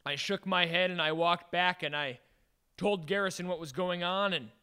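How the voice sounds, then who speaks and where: A man's voice: sits high, moderate pace, sharp tone, clear, resonant tone. A man playing an earnest neighbor who narrates his own story in an improvised comedy scene. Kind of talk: improvised comic storytelling in character.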